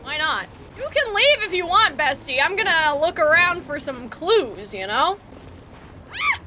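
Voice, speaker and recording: High, excitable young woman gamer. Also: moderate pace, noisy background. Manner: excitable, swears, screams and laughs at the game, calls people bestie. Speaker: gaming streamer. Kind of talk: let's play commentary. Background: loud game music.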